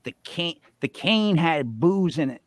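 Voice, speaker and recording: A middle-aged man co-hosting a live show, telling a long casual story in a rambling, animated way, swinging between loud bursts and mutters. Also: a little high, a little slow, dry recording, clean studio sound. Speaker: co-host.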